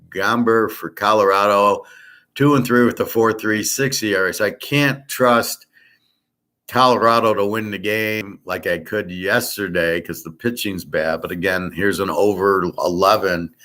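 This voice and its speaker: Brief: man, lowish voice, casual sports handicapper, rambling stat-heavy delivery. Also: a bit bright. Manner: rambling, stats-heavy, with many fillers. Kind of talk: casual betting picks talk.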